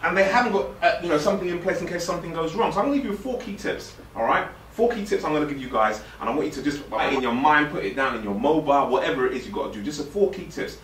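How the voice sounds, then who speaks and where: A man's voice: on the high side, expressive, rapid-fire, few pauses, fairly bright tone, recorded from a distance, slight background noise. A man, giving a playful, direct motivational talk to a youth forum audience. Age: 40s. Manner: joking, direct and playful, puts on slangy voices. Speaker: motivational speaker. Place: event hall with a live audience. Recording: echoey hall, speaker away from the mic.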